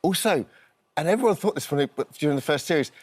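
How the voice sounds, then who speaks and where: A man's voice: fairly high pitch, lively intonation, fast. A man hosting a talk show, asking breezy, rambling questions in casual chat.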